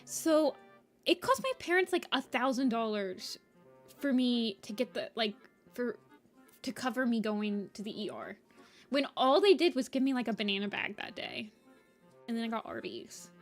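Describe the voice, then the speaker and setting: A woman's voice: fairly high pitch, expressive, moderate pace. A young adult woman chatting casually with viewers while she draws, rambling with many fillers. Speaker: art streamer. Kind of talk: casual chat while drawing. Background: soft background music.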